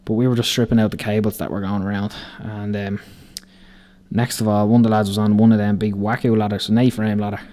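Fast and flat in delivery, this low-leaning, warm male voice belongs to a young Irish podcast host in his twenties. He laughs while telling rambling, profane stories about building sites, all casual storytelling.

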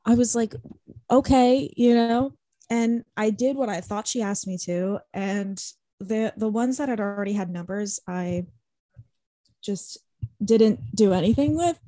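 A young woman co-hosting a podcast speaks in a mid-range voice, a little slow, with no room sound. Her casual chat is animated storytelling packed with swearing and "like".

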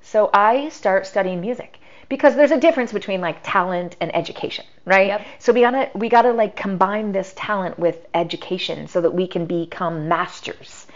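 A woman's voice: medium pitch, normal speed. A middle-aged woman, a podcast guest, telling a personal story in a chatty way, full of "like" and quoted dialogue. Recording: dull lo-fi sound.

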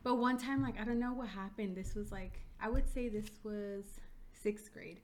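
A woman co-hosting a podcast in loose, casual chat. She tells stories at an easy, chatty clip, with "like" in almost every line and a bit of casual swearing. Her voice sits at an ordinary middle pitch for a woman. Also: moderate pace, a little mellow, slight background noise. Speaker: podcast co-host.

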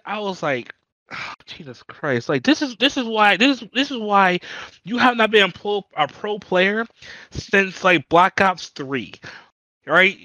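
A man's voice: high voice, bright, forceful tone, dry recording, highs cut off. A man on a casual podcast, ranting with heavy profanity and exasperation. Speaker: podcast host. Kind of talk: casual chat.

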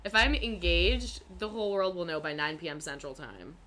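Brash, low-voiced young woman gossiping. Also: normal speed, slight background noise. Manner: brash, loud, swears freely, gossipy. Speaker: podcast co-host. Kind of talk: casual chat.

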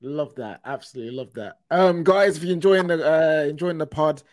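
A man hosting a casual faith podcast, talking in quick excited bursts and speaking to viewers. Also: on the high side, no room sound. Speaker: podcast host.

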